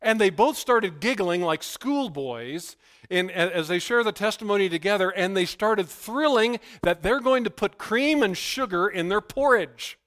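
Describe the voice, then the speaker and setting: A man preaching as pastor, who prays softly and then tells stories with animated, emphatic bursts. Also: measured pace. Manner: animated storytelling, rising to loud emphatic bursts; hushed, low prayerful delivery. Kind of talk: sermon with opening prayer.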